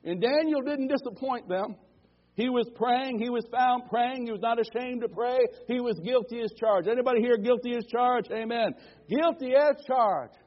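In a church sanctuary, a man with an extremely high-pitched voice preaches fervently at a moderate pace, calling for amens and building to repeated declarations. The recording is dull and lo-fi.

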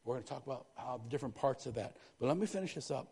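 Man, pastor, lively sermon, asks the congregation for amens, husky, long reverb. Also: medium pitch, very fast. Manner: lively preaching with call-and-response asides. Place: church sanctuary.

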